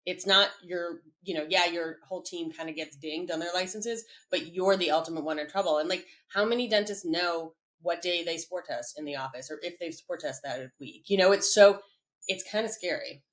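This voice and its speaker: A middle-aged woman who works as a dental compliance consultant chats casually and animatedly on a podcast, sprinkling in lots of "like" and "right?" fillers. Her voice is on the low side at a moderate pace, and the recording is rough.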